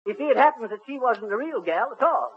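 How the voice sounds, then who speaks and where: Boastful tall-tale spinner, high and folksy, 1930s radio comedy. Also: male voice, animated, brisk, breathy edge, heavily acted. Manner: blustering, folksy, rambling storyteller with ungrammatical speech. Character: boastful middle-aged male braggart spinning tall tales. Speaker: comic lead telling a tall tale. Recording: muffled 1930s radio recording with faint hiss.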